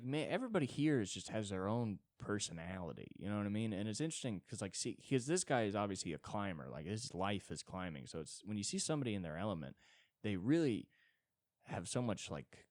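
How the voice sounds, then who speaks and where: A man speaks fast in clean, echo-free studio sound on a podcast mic. As a solo podcast host, he rambles through crude, self-deprecating comedic stories, animated and swinging between high and low tones.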